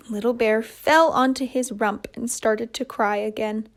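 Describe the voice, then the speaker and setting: A woman telling a children's puppet story in a gentle, measured way. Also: a little high.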